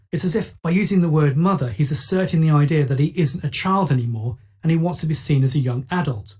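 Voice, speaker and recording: A woman reading a scripted lesson as host, explaining clearly and asking rhetorical questions. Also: deep voice, mellow. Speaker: teacher.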